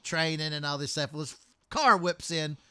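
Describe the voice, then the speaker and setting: Brash man, firefighter type, profane storyteller, bright and a bit high. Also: normal speed, smooth, no echo, studio quality. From Texas. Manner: crude, blunt storyteller, swears constantly. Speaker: firefighter co-host. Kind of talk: profane casual chat.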